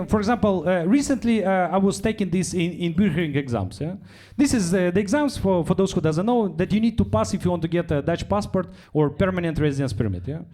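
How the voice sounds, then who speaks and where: A young man from Russia with a Russian accent, doing a chatty stand-up set on stage and tagging his lines with "yeah?". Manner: drops into deadpan low voices for quoted lines. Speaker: stand-up comedian. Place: comedy club stage.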